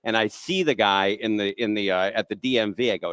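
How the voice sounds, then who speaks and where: A man's voice: on the low side, quick pace, hardly any pauses, a bit bright, clear, resonant tone, dry recording. A man hosting a talk show, chatting casually and telling his own stories with enthusiastic reactions. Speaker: host.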